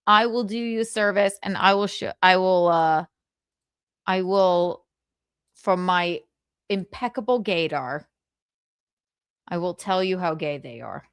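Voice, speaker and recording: A woman's voice: lowish voice, unhurried, long pauses, clean tone, no echo, studio quality. A young woman hosting a casual livestream, talking candidly, swearing freely and laughing often. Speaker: livestream host.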